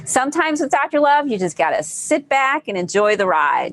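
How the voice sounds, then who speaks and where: A woman's voice: high voice, sing-song, normal speed, hardly any pauses. A woman hosting a live online group session, talking casually and encouragingly, repeating phrases for emphasis. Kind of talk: casual live-stream talk.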